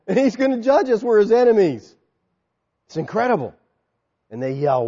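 A man preaching a sermon as pastor, animated and dramatic, acting out voices of a crowd. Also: sits high, a little fast, breathy edge. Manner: soft, quiet prayer. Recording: long hall reverb, dull sound.

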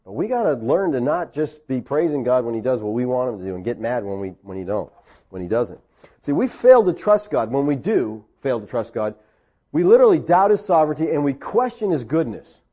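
A middle-aged man preaching a sermon, animated, with jokes and acted-out quotes. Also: mid-range voice, fairly quick, muffled recording. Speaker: pastor.

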